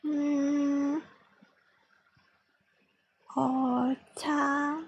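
A woman streaming her language study, slowly repeating practice phrases aloud and chatting with viewers. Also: high voice, gravelly, darkish tone, slightly rough, low-quality recording. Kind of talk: casual study-stream chat.

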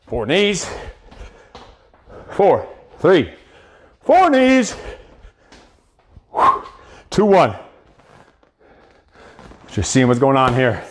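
A man coaching a live boxing cardio workout, counting reps and giving profane pep talks. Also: on the high side.

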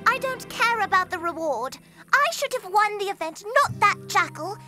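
A woman's voice: very high voice, lively intonation, moderate pace, over loud music. A woman voicing a young, stubborn jungle boy in a cartoon dub, indignant and bossy. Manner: indignant, bossy under pressure.

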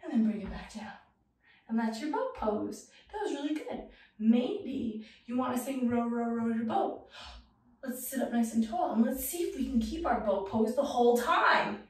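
Young female kids-yoga teacher, bright sing-song delivery, boomy room sound, mic at a distance. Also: expressive, moderate pace, heavy reverb. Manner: playful, sing-song, encouraging. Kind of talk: guiding a children's yoga class.

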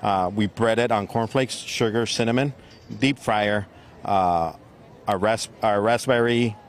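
A man's voice: lowish voice, measured pace, slight background noise. A man who sells food at an outdoor fair, describing his dessert as a TV guest, hesitant with many fillers. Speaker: food vendor. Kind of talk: guest on a live TV segment.

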